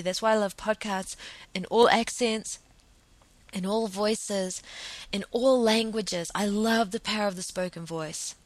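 A woman's voice: mid-range voice, dry recording. A woman hosting her own podcast, talking earnestly and thinking aloud, often repeating words as she goes. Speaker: podcast host. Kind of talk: solo podcast monologue.

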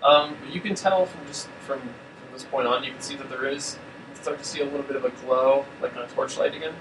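The man narrating this tabletop game as its game master speaks a little fast at medium pitch, loosely and hesitantly, using lots of fillers. The mic is distant, the room is roomy, and an air conditioner hums.

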